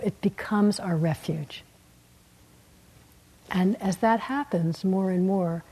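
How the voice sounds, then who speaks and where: A woman meditation teacher giving a dharma talk in a gentle, unhurried way, laughing softly and letting her endings fall quiet. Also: on the low side, husky, low-quality recording. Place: meditation hall.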